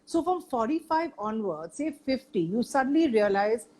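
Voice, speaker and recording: A woman's voice: on the high side, sing-song, moderate pace, a little mellow, low-quality recording. An older woman sharing her experience in a casual chat, talking emphatically and repeating points for stress.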